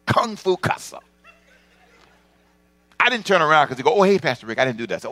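A male pastor delivering a lively sermon in a mid-range voice. He moves from loud, emphatic calls down to quiet, confiding asides. The sound is close and dry, with a faint hum of mains electricity behind him. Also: medium pitch, a little fast, creaky, dry recording. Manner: animated preaching, swings from loud exclamation to quiet asides.

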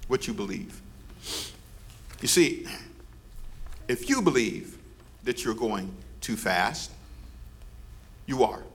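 A man's voice: mid-range voice, very animated, takes it slowly, pauses often, fairly bright tone. A man preaching as pastor, leading his congregation in call and response and teasing them playfully. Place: church service before a congregation.

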